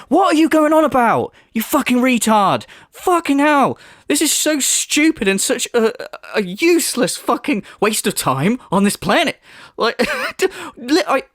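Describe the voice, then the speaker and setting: A commentary YouTuber with an extremely high, slightly bright voice mocks video clips, laughing, sarcastic, and swearing freely. The recording is studio quality with no echo.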